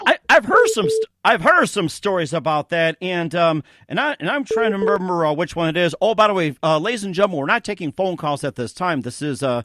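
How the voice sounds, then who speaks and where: Male talk-radio host, casual rambling interviewer, slightly high, dry close mic. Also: sing-song, sharp tone, no room sound. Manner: rambling, halting with repeated starts.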